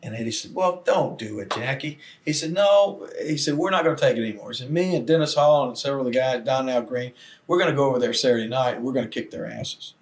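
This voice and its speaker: An older man, guest in a long interview, telling old stories with lively acted-out quotes. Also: medium pitch, quick pace. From Southern United States. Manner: animated storyteller acting out quoted voices. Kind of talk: storytelling shoot interview.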